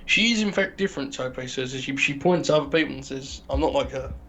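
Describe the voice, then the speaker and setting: A man's voice: medium pitch, fast talker, bright, forceful tone. A man co-hosting a casual game stream, making dry, wry jokes and asides to the viewers. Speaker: co-host. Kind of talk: casual chat while playing a game.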